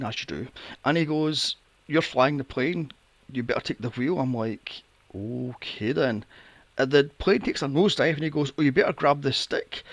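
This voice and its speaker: A man's voice: a little high, a bit bright, no echo. A man hosting a casual film review podcast, sarcastic and swearing freely. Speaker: podcast host.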